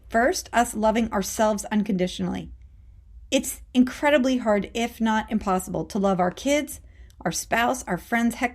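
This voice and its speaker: A life coach who hosts a show gives her listeners a punchy, conversational pep talk, calling them warriors and checking in with "okay?" again and again. Her voice is fairly high and a little mellow, and her emphatic delivery stays casual, with some mild swearing.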